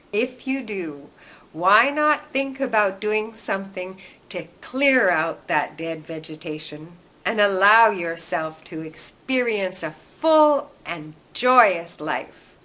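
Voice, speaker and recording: A woman speaks to camera as the host of a reflective self-help vlog. She tells her story in a gentle, earnest manner, taking her time over each phrase. Her voice sits at an ordinary middle pitch.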